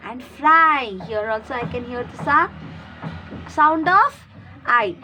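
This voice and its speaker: A woman's voice: sits high, animated, slow, bright, forceful tone, faint music behind. A woman, teaching young children and explaining each word again and again, asking questions and answering them herself. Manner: repeats and explains words, asks and answers her own questions. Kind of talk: recorded classroom lesson for young children.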